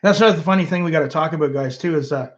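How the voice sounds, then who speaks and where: A man's voice: a little high, very fast, highs cut off. A middle-aged man with a Canadian accent, hosting a casual livestream and reading viewers' comments aloud in a musing, rambling way full of fillers. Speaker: host of his own channel.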